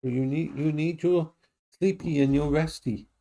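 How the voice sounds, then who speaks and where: A man's voice: fairly even intonation, moderate pace, warm tone. Chatty man streaming from home. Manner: chatty, talks baby talk to his dogs in a high voice. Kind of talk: casual live-stream chat.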